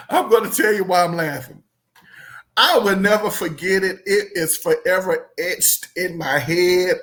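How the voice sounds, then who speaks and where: A woman hosting a casual chat, animated and laughing often as she draws out emphatic phrases. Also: on the low side, unhurried. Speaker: podcast host.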